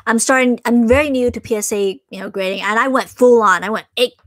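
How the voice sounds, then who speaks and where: A bubbly, excitable woman hosting a casual livestream Q&A, gushing freely. Her voice is fairly high, and the sound is dry and close. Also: fairly quick, no echo. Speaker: host. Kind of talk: livestream Q&A chat.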